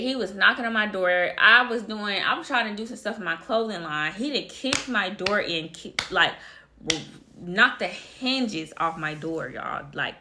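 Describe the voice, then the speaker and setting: A vlogger with a medium-pitched, sharp-toned woman's voice casually tells her viewers a personal story. She's chatty and addresses them directly as "y'all."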